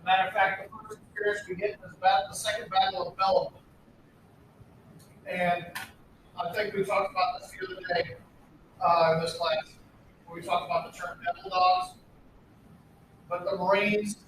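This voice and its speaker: A man from the United States gives a casual history lecture, blunt and full of sarcastic asides. His voice sits high for a man. He is heard from a distance in a very echoey classroom, with faint room noise behind him. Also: pushed and bright. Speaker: history teacher.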